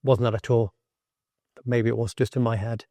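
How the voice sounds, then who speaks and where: A middle-aged man, a former Royal Marine, candidly recounting his experiences in a blunt, animated way. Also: mid-range voice, moderate pace, no echo, studio quality. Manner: blunt, animated, swears freely. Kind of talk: candid personal storytelling.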